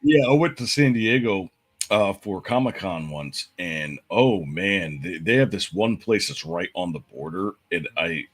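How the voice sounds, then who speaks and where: A man co-hosting a sports podcast, casually running through game picks in a relaxed way. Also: sits low, unhurried.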